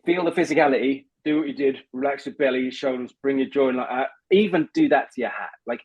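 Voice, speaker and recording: Husky voice coach, dull dry sound. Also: male voice, medium pitch, fast, no room sound. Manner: animated, coaching, laughs often. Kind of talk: instructive conversation.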